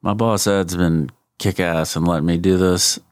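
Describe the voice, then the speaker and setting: A man with a Savannah Georgia drawl hosts a podcast with a deep voice. He jokes and laughs between thoughts. The sound is close and dry. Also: steady tone, moderate pace, dry recording. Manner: laughs often, jokey and upbeat. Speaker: podcast host. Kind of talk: casual chat.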